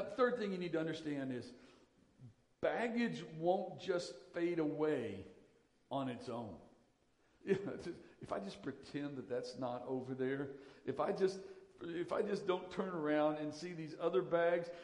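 A man delivers a sermon in a fairly high voice, pressing his points and repeating key lines for emphasis. His voice rings through a hall with a long reverb tail. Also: a little mellow. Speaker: pastor.

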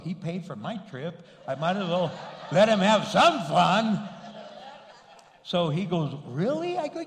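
A middle-aged man, a pastor, telling a story in a sermon with lively delivery and Spanish interjections. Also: fairly high pitch. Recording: long hall reverb.

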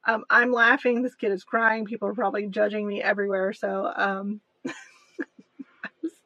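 A woman's voice: medium pitch, flat delivery, moderate pace, pushed and bright, no room sound, muffled recording. A woman co-hosting a podcast, chatting casually and giggling as she tells stories. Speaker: podcast co-host. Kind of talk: casual chat.

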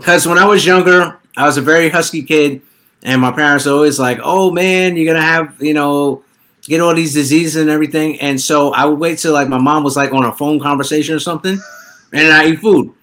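Rambling young man, slightly high voice. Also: a bit bright. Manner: rambling, halting, full of restarts. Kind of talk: casual podcast chat.

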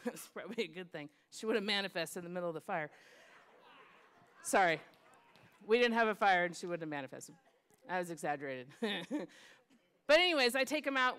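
A middle-aged woman pastor telling a lively story in a sermon, acting out children's voices and laughing often. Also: medium pitch, clear, resonant tone.

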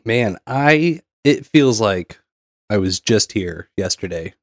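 A man co-hosting a podcast in relaxed, casual chat, laughing easily. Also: on the low side, slow pace, dry recording, studio quality. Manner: laid-back, laughs often. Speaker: podcast co-host.

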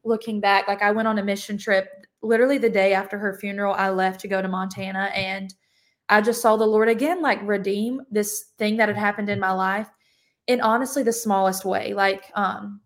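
A woman's voice: medium pitch, fairly even intonation, brisk. A young woman, sharing her testimony as a podcast guest in a casual, chatty way full of "like". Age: young adult. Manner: chatty, heavy use of "like" fillers.

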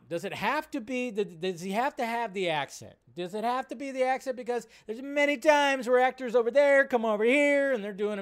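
Man, live-stream host, casual rambling chat, slightly high voice, smooth and clear. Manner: rambling, self-interrupting, reads viewer questions aloud.

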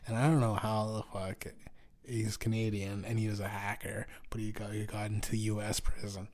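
A man's voice: fairly low pitch, flat delivery, moderate pace. Profane rambling man with a sore throat. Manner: profane, rambling, swings from heated to mumbling. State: sore throat, clearing his throat. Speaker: podcast host. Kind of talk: rambling solo podcast rant.

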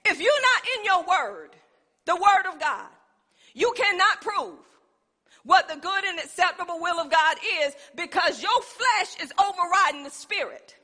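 A woman's voice: very high-pitched, pushed and bright. A woman, preaching a sermon with emphatic call-and-response. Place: church sanctuary. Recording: long reverb in a church hall.

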